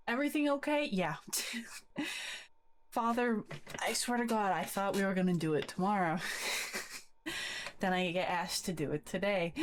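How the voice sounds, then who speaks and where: A woman's voice: fairly low pitch, expressive, unhurried, pauses often, a little hiss or hum. A young woman streaming from her bedroom, chatting casually in a rambling, giggly way and swearing freely. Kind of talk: casual live-stream chat. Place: bedroom at a desk.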